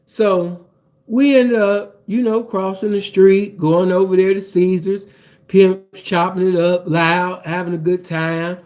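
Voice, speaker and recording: A man telling a profane personal story in casual, animated chat, full of fillers. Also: sits high, slow pace.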